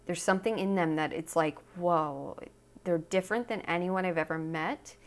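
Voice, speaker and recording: This is a woman giving a pick-a-card tarot reading to her viewers. Her voice sits slightly low, and she speaks with earnest, emotional warmth. She repeats phrases for emphasis and often checks in with a soft "okay?". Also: normal speed. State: tearful. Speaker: tarot reader.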